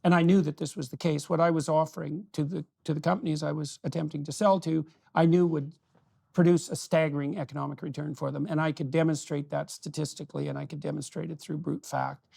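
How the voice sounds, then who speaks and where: A man's voice: fairly high pitch, flat delivery, fast, gravelly, a little mellow, husky. An older man hosting an interview, speaking earnestly and affirming his guest often. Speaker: podcast host. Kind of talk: casual interview conversation.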